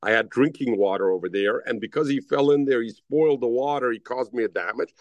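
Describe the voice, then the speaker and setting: A man's voice: medium pitch, a little fast, dry recording, highs cut off. A man teaching a Daf Yomi Talmud class, calling on students by name and mixing in Hebrew and Aramaic terms.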